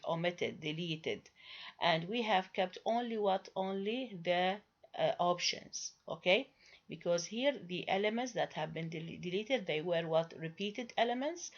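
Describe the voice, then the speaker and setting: A woman lecturing students, explaining step by step and answering her own questions, with frequent pauses and restarts. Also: on the low side. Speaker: university English lecturer. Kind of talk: recorded lecture. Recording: dull lo-fi recording.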